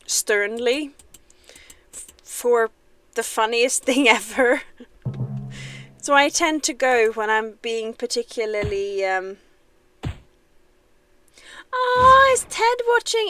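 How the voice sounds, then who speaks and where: A young woman talks casually while streaming a game, often laughing at herself. Her voice sits somewhat high and moves around a lot. She speaks slowly and easily. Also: pushed and bright, slight background noise. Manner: chatty and self-deprecating, laughs often. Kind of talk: casual livestream chat.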